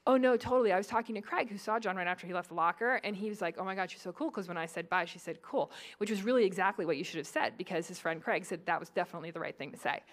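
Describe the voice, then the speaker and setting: A woman's voice: fairly low pitch, rapid-fire, few pauses, voice pushed down, lightly acted. A woman voicing a gossipy, reassuring teenage girl who confides in a gushing way. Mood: confiding.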